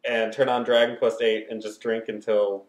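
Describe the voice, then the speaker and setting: A man's voice: lowish voice, little pitch movement, normal speed. A man co-hosting a podcast, telling rambling stories and laughing often in casual chat over a call. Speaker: podcast co-host. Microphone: Skype call. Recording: echoey room over a Skype call.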